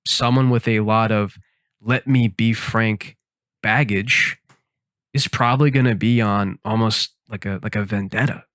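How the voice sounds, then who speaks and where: A man hosting a podcast, rambling through a comic monologue with mock-serious, deadpan reasoning while he plays a game. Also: lowish voice, unhurried, no echo, studio quality. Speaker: podcast host.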